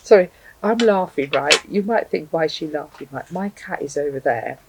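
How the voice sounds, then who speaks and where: A woman's voice: low voice, lively intonation, moderate pace, creaky, slight background noise, rough recording. A woman reviewing hot sauces to camera at home, chatting casually and thinking aloud with frequent ums. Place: home, indoors with a cat.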